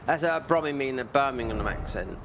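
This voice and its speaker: A man's voice: medium pitch, expressive, fairly quick, background noise. A man chatting casually while streaming a game, rambling from one tangent to the next. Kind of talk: casual chat while gaming.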